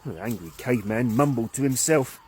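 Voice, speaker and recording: A man narrating a children's story in an animated, expressive way. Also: medium pitch, a little fast, a little hiss or hum.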